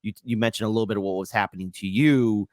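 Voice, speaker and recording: A man hosting a livestream political talk show, interviewing guests and launching into loud, ranting outbursts. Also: fairly low pitch, fairly even intonation, quick pace, no room sound, clean studio sound. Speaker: host.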